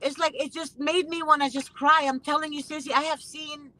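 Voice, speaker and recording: A woman hosts a casual conversation in a high, steady, brisk voice that sounds pushed and bright, captured in a low-quality recording. She speaks emphatically, repeating phrases with indignation.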